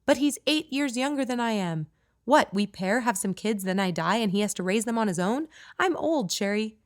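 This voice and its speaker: A woman's voice: on the high side, animated, voice pushed up, natural voice. A woman voicing a weary, anxious mother who pours out her worries in a rush. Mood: exasperated. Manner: anxious, pleading, words rushing out.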